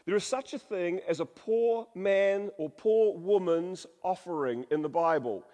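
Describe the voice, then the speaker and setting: A man with a high, warm voice preaches a little slowly, reading scripture with drama and humor. He changes his voice for quotes and jokes with the congregation, heard through long hall reverb.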